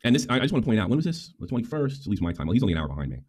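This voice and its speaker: A man chatting casually on his stream, animated and quick to laugh. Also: fairly low pitch.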